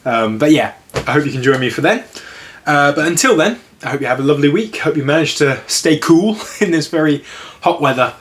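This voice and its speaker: A man giving a relaxed storybook reading and then chatting about the story in a gentle, easygoing way with easy laughs. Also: fairly high pitch, brisk, a little hiss or hum.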